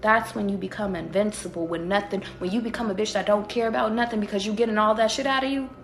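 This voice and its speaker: A woman's voice: medium pitch, steady tone, fast talker, slight background noise. Profane, emphatic woman in a roomy echo. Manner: profane, emphatic, rhetorical questions; talks straight to viewers. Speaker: tarot reader. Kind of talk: casual livestream pep talk.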